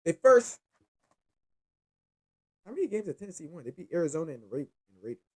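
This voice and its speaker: A man's voice: a little high, fast talker, husky. A man hosting his own sports picks show, rambling loosely and cursing as he runs through the games. He speaks with in an easy, unscripted way. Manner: loose, profane, rambling, lively. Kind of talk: casual sports picks monologue.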